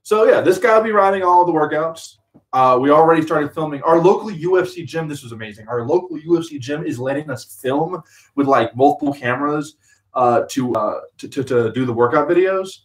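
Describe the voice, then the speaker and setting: A man's voice: on the high side, expressive, a little fast, echoey room, distant mic, rough recording. A young adult man co-hosting a casual live-stream chat, joking and full of fillers. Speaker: co-host, website builder.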